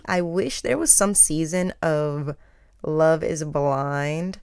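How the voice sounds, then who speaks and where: A woman's voice: low voice, slow pace, a little mellow, clear, resonant tone, no room sound, clean studio sound. A woman hosting a podcast, giving chatty, opinionated pop culture commentary full of filler words. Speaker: podcast host.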